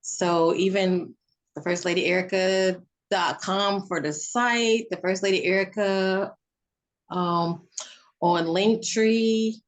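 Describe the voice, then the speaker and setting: A woman's voice: mid-range voice, fairly even intonation, slow, low-quality recording. A woman guest in a casual chat interview, telling rambling stories with many restarts.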